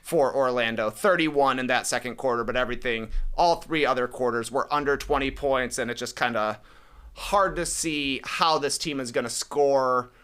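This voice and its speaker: A man's voice: mid-range voice, fairly bright tone, clear, resonant tone. An American man co-hosting a sports podcast, casually reviewing games and rattling off statistics. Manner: rattles off stats, quick asides. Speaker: podcast co-host.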